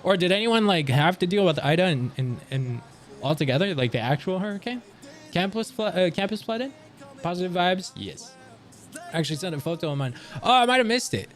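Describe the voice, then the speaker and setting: A young Canadian man streams to his viewers, his high-sitting voice expressive and brisk. He chats casually, rambling, swearing, and reading chat aloud, while music plays faintly behind him.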